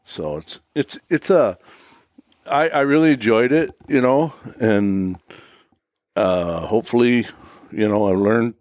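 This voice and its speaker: A man from Michigan talking casually about a hunting trip in a relaxed, rambling way full of fillers. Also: mid-range voice, slow, no room sound, clean studio sound. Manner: relaxed, rambling, many "you know" fillers. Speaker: guest hunter.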